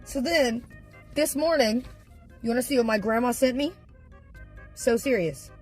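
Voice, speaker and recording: Animated young woman streamer telling stories. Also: on the high side, unhurried, faint music behind. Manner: animated, laughs often, swears freely. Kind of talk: casual storytelling to stream viewers.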